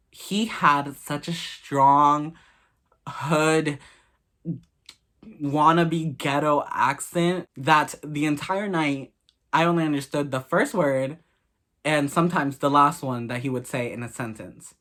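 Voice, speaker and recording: A man's voice: on the high side, measured pace, bright, forceful tone. A man in his late teens, telling a personal story in a candid, gossipy, profane way. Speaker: vlogger. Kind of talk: casual story time.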